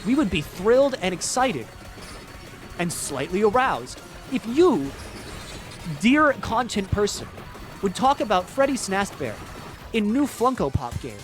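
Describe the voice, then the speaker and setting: A man's voice: very animated, unhurried, pauses often, faint music behind. A man doing a fawning marketer with broken English. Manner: fawning, clumsy grammar, raised pitch.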